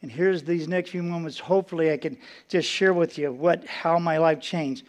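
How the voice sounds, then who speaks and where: A man preaching a sermon, telling a personal testimony in an earnest storytelling way and dropping soft and low for solemn moments. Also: steady tone, normal speed.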